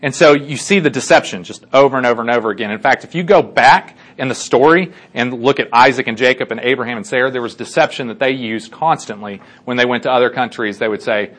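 Talking fast in a medium-pitched, slightly bright voice, a Bible teacher casually retells a Bible story to a group. He's chatty, restarts often, uses plenty of fillers, and keeps checking whether listeners agree.

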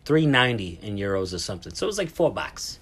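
A man in his thirties with a fairly low voice, telling a story in a loose, chatty way. He swears a lot, restarts his sentences and piles on fillers as he goes. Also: sing-song, fast, a bit bright, husky. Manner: profane, rambling, full of fillers and restarts. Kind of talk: casual anecdotal storytelling.

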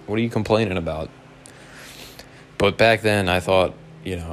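A man's voice: deep voice, steady tone, moderate pace, long pauses, slight background noise. A man telling a rambling, profane story in a casual, self-mocking way, like a podcast host.

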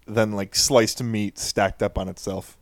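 A man's voice: lowish voice, steady tone, unhurried. A man co-hosting a podcast, chatting casually and riffing with sarcastic jokes. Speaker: podcast co-host. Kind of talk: casual chat.

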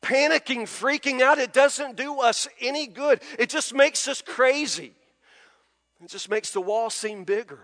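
A man preaches a sermon with dramatic, animated storytelling. His voice sits unusually high. A long reverb rings through the hall. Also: unhurried. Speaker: pastor.

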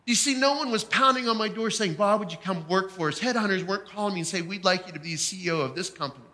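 A man with a high, bright voice preaches a sermon, telling his story with emphatic feeling. His voice carries a long reverb, as if in a large hall. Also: fast.

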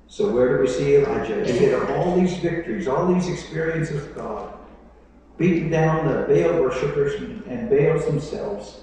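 Pastor guy preaching, booming echo, sounds a bit far from the mic. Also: normal speed, warm tone, a little hiss or hum. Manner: preaching with dramatic quoted voices, conversational asides. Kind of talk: sermon. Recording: echoey hall, mic at a distance.

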